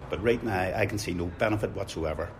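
A man's voice: low voice, fast talker, a little hiss or hum. An older man, a pensioner, answering a street interview in a firm, emphatic way.

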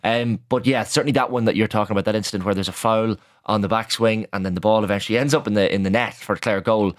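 An Irish man in his twenties or thirties, a sports journalist chatting on radio, quick and chatty, often repeating words as he goes. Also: on the low side, steady tone, dry recording, clean studio sound. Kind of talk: casual radio sports chat.

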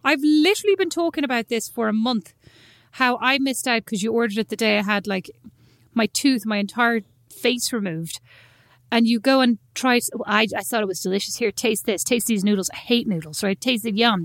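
A woman co-hosting a podcast in casual chat, an animated storyteller who jumps into sudden high-pitched exclamations. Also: moderate pace, dry recording, studio quality. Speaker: podcast co-host.

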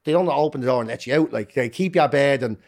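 A middle-aged Irish man with a mid-range voice who talks at a rapid clip. He rattles through his story candidly, swearing freely and cutting himself off mid-sentence. He sounds like a guest in a casual podcast interview. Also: mid-range voice, darkish tone. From Ireland.

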